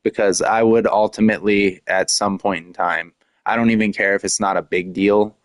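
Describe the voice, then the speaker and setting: A man's voice: on the low side, steady tone, moderate pace, no echo. A man chatting casually on a live stream, rambling with many fillers and frequent laughs.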